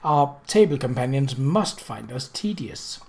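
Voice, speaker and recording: A reader voicing a gracious, clever society hostess who speaks smoothly and with poise. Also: female voice, very deep voice, animated, unhurried, darkish tone, heavily acted. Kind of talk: audiobook character voice.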